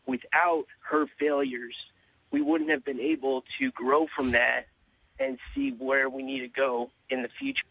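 A man calling in to a talk radio show, speaking in a hesitant, halting way. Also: medium pitch, big pitch swings, creaky, pushed and bright, slightly rough, low-quality recording. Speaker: caller.

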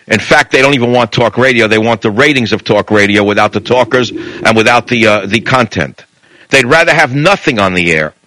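A man's voice: medium pitch, sharp tone, no echo, low-quality recording. A man hosting a talk radio show, delivering a blunt, combative monologue straight into the studio mic.

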